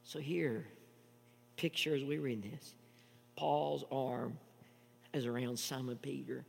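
A man preaching a sermon as pastor, emphatic and full of repetitions, swinging between loud declarations and hushed asides. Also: mid-range voice, steady tone, slow pace, vocal fry, breathy edge, big-room sound.

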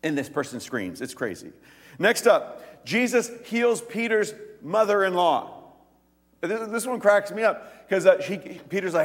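A man preaching a sermon as pastor, telling stories in an animated way and acting out the quoted lines in quick voices. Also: sits high, big-room sound.

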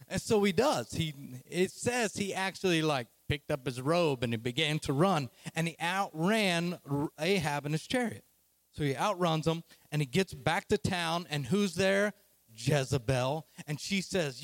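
A man preaching a sermon as a lively, casual, slangy retelling of a story. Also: fairly high pitch, a little slow, dry recording.

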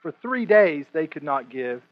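A high-voiced man preaches in a loose, joking way, stumbling over and repeating his words as he walks through a Bible passage. The recording is dull and lo-fi, with the top end muffled. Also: very animated, measured pace. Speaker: pastor. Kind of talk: sermon.

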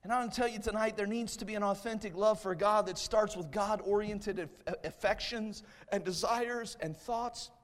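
A man preaching a fervent revival sermon as a guest preacher in a church, swelling to shouts. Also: high voice, moderate pace, few pauses. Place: church sanctuary. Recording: long church-hall reverb.

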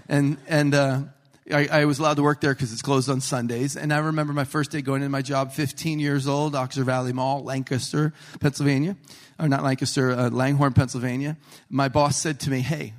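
Male preacher, playful and animated sermon delivery, jokey asides, acts out quotes, mid-pitched voice. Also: brisk. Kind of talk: humorous sermon storytelling.

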